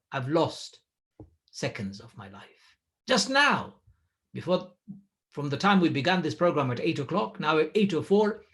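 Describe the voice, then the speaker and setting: Male preacher, animated storyteller, lively pitch swings. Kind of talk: Ramadan sermon reminder.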